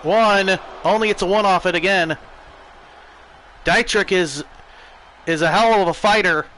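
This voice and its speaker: Excitable American man calling wrestling. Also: high voice, a little slow, a little hiss or hum, poor audio. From United States. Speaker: streamer. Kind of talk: wrestling play-by-play commentary.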